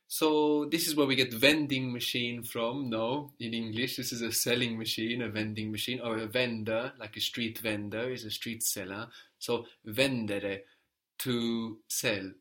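A man's voice: medium pitch, steady tone, a little slow, a bit bright. A man teaching a language lesson, patiently prompting a student and explaining grammar step by step.

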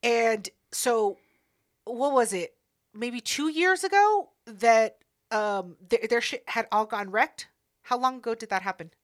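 A woman's voice: a little high, expressive, a little slow, dry recording, clean studio sound. A woman co-hosting a podcast, telling a story in a blunt, profane, rambling way and correcting herself as she goes. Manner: self-correcting, rambling asides. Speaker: podcast co-host. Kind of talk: casual storytelling chat.

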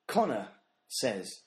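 A man co-hosting a casual podcast, chatting and laughing as he reads out reviews. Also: mid-range voice. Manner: laughing often, reading out children's reviews. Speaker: podcast co-host.

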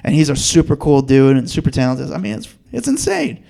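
A man who is a guest on a podcast tells a story in casual chat, lively and acting out the people in it. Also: a little high, brisk, creaky. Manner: animated, acts out the people in his story. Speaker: podcast guest, TV news producer.

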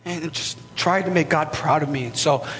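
A man with a slightly high voice preaches a sermon in a church, his words ringing in a long hall reverb. He talks in an emphatic, halting way, repeating himself as he builds to raised, passionate lines. A faint low rumble sits under the recording. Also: fairly bright tone. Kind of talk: sermon testimony.

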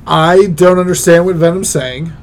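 Male co-host, a bit high-pitched, halting casual delivery. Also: slight background noise. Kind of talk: casual chat.

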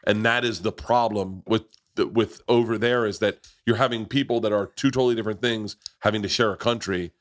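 A man's voice: lowish voice, fairly even intonation, a little fast, few pauses. A middle-aged man hosting a podcast, telling stories in a boisterous, profane, casual way. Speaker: podcast host.

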